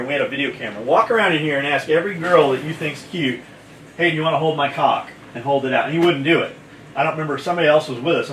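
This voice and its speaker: A man's voice: fairly high pitch, fairly bright tone, a little hiss or hum. A man who owns a gear company, telling a story in casual chat, blunt and full of swearing. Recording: echoey room, mic at a distance, faint kitchen clatter.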